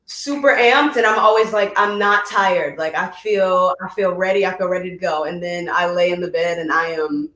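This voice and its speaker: A young woman from Chicago, a musical theatre actress, chatting in an interview, animated and laughing as she demos vocal exercises. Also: fairly low pitch, moderate pace, hardly any pauses, echoey room. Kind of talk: casual video interview.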